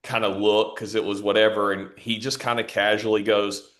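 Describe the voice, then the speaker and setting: A man's voice: on the low side, level tone, normal speed, fairly bright tone. A man hosting a podcast, telling a family story in a chatty, affirming way. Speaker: podcast host. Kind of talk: casual interview talk.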